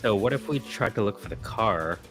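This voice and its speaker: A man's voice: lowish voice, lively intonation, brisk. A man playing a location-finding game on a live stream, chatting casually and humming along to music. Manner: playful, hums along to music. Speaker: game player on a live show.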